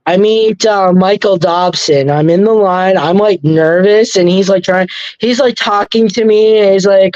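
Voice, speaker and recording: A man's voice: sits high, normal speed, darkish tone, dry recording, lo-fi sound. A man chatting casually as podcast co-host, rambling through stories and quoting himself and others as he goes. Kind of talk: casual chat.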